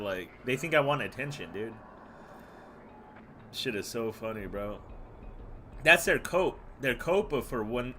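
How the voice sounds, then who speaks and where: A brash male streamer rants in a bright, forceful voice, piling on curses and tossing "dude" and "bro" after almost every phrase. His tone stays scornful and mocking, and a faint hum sits quietly underneath. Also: medium pitch. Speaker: gaming streamer. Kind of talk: casual live-stream rant.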